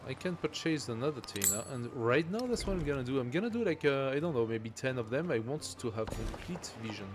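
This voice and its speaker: A man's voice: medium pitch, expressive, fairly quick, music in the background. A man streaming a strategy game, thinking aloud and reading game text as he plays. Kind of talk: casual live gameplay commentary.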